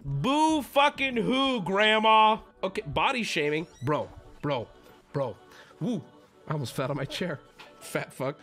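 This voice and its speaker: A man in his thirties ranting to his stream chat, exasperated and loud, mocking people in whiny voices. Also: a little high, expressive, normal speed, long pauses, faint music behind.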